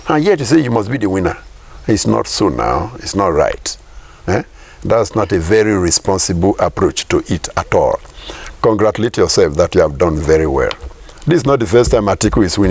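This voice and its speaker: A man's voice: lowish voice, expressive, brisk, husky. A middle-aged Nigerian man giving political commentary in an interview, emphatic, firing rhetorical questions and repeating his points.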